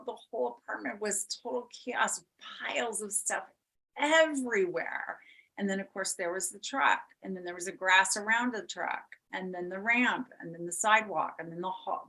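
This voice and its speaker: A middle-aged woman hosting a podcast, telling a personal story in an animated way, repeating words for emphasis and laughing now and then. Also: lowish voice, poor audio. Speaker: podcast host.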